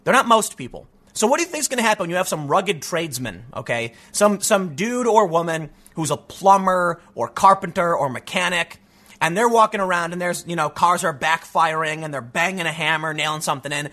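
Animated high-voiced ranting man. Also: brisk. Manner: sarcastic, ranting, mocking. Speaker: commentary show host. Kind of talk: opinion commentary monologue.

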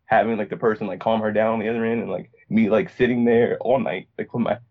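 A man's voice: on the low side, steady tone, fast. Rambling young man, dull lo-fi sound. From Virginia, USA. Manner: rambling, many fillers and restarts. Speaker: podcast guest. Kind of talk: personal story, casual talk.

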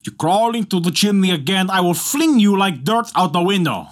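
A man voicing a gruff, stern young hunter who speaks roughly and bluntly in a folktale reading. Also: high voice, sing-song, normal speed, voice pushed up. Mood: threatening.

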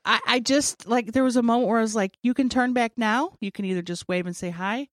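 A woman in her forties tells a long, funny story in casual conversation, animatedly acting out what people said and laughing often. Her voice is a little high and a little fast, recorded with studio quality and no room sound.

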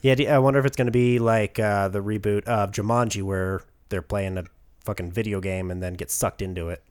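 Low-voiced man in casual film chat. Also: steady tone, brisk, clear, resonant tone, no room sound. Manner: rambling, trails off and laughs often. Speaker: podcast co-host.

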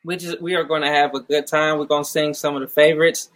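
A man's voice: on the high side, level tone, fast, fairly bright tone. A man guest chatting casually with an upbeat, laughing manner. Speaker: guest musician. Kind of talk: casual chat.

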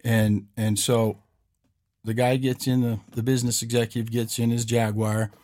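A man's voice: medium pitch, level tone, moderate pace, a little mellow. A man hosting a podcast, telling a story in a rambling, casual way and often checking in with "right?". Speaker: podcast host.

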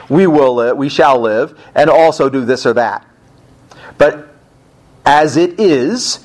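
A man's voice: a little high, lively intonation, normal speed. A male pastor preaching a sermon at a church service, emphatic, with rhetorical questions and casual asides.

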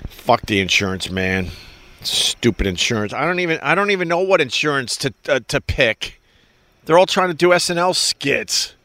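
A man's voice: medium pitch, animated, moderate pace, pushed and bright, dry recording. A middle-aged man hosting a livestream, chatting casually and greeting viewers by name. He rambles, swears freely and makes fun of himself. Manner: loose, profane, self-mocking, greets viewers by name. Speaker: livestream host reading viewer chat.

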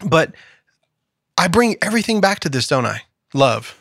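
Animated male podcast co-host, slightly high. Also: moderate pace, gravelly, dry recording, studio quality. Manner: animated storyteller, acts out quoted voices. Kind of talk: casual podcast conversation. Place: studio.

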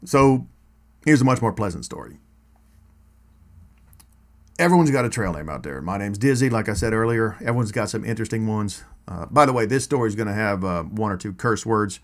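A man's voice: lowish voice, lively intonation, normal speed, pauses often, a bit bright. A man telling personal hiking stories in a casual, rambling way, full of asides and restarts. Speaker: storyteller. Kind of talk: casual spoken storytelling.

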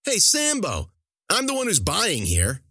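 A man's voice: sits high, huge pitch swings, unhurried, pushed and bright, slightly rough, no room sound, clean studio sound, pitched above the performer's own voice, exaggerated voice. A man voicing a sneering drunk bar creep. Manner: sneering, mocking. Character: rude, drunk, bigoted male bar patron.

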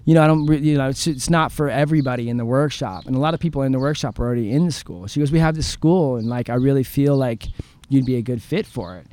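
A man from San Diego, a guest in an outdoor interview, telling his story in an animated, profane way and acting out the lines of the people in it. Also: medium pitch, fast. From San Diego, California. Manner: animated, profane, acts out quoted dialogue.

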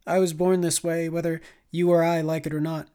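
A man voicing a flat, deadpan engineer. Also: low voice, brisk, clean tone, lightly acted. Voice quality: flat monotone. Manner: deadpan, detached. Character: small nonchalant woman ship engineer.

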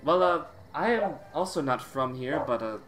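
A man's voice: fairly high pitch, expressive, normal speed, lightly acted. A man voicing a flamboyant young British man with a British accent, polite and rambling.

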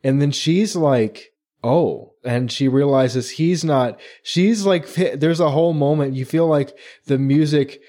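A man co-hosting a podcast, casually retelling book scenes with lively acted-out quotes and frequent laughter. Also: on the high side, a little slow. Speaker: podcast co-host.

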